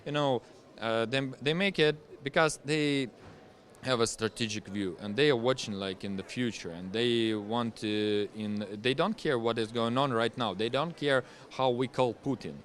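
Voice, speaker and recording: A man from Ukraine with a Ukrainian accent, speaking English haltingly with many pauses and restarts as an interview guest. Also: medium pitch. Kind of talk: conversational interview.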